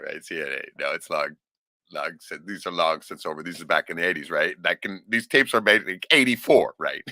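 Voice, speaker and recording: A middle-aged man rambles through a personal story, swearing freely and laughing between lines. His voice sits low but rings sharp and forceful. The sound is dry, with no room around it. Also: no echo. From Alaska. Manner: profane, rambling, laughs often, keeps asking "right?". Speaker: vlogger. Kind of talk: casual storytelling monologue.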